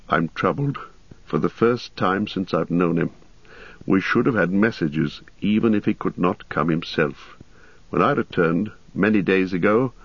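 Storybook ranger, grave and solemn, read by a man; low, husky, slow. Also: no room sound. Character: grave weathered male ranger, watchful. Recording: slightly muffled recording.

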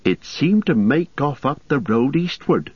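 Shaken young hobbit, voiced by a man, high, breathless, urgent. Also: lively intonation, measured pace, slightly rough, no room sound. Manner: urgent, tumbling storytelling. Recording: slightly muffled recording.

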